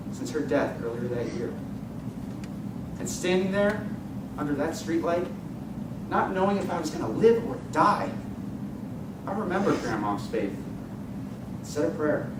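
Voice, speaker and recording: Male contest speaker, dramatic storytelling, expressive, distant mic, noisy room. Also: on the high side, reverberant. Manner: vivid, expressive storytelling with rising excitement. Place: contest hall stage.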